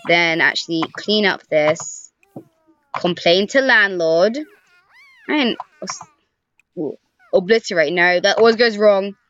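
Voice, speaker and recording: A woman's voice: fairly low pitch, takes it slowly, pauses often, a bit bright, no echo. Brief: young woman, casual game commentary, talks to characters, dull dry home mic. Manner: chatty, talks to the game characters, frequent sighs and groans. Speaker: gaming YouTuber. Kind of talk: casual let's-play commentary. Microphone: desk microphone.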